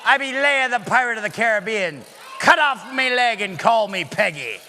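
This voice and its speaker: A man putting on a growling, jokey male pirate voice with gruff "arr" sounds for a children's audience. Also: sits high, lively intonation, moderate pace, bright, forceful tone, long reverb tail, a little hiss or hum, heavily acted. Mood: hammy.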